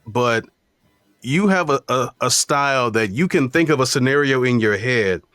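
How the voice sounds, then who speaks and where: Podcast host, man, mid-pitched voice, halting and conversational, dry close sound. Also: expressive, fairly bright tone, clean tone, no room sound. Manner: halting, searching for words. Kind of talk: casual interview talk.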